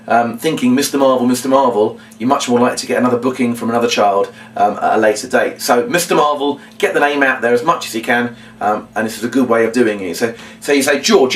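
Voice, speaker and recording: A man explaining a children's party routine and acting out what he says to the kids, with big bursts of shouting. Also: medium pitch. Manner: animated, acts out lines to children with big shouts. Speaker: children's entertainer teaching a routine. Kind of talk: instructional talk with acted demonstrations. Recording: voice from a distance off the mic.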